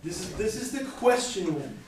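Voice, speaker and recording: A woman's voice: mid-range voice, big pitch swings, normal speed, darkish tone. Laughing woman teaching in an echoey room. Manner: playful, laughs often, acts out examples. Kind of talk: casual classroom teaching. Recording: echoey noisy room from far off.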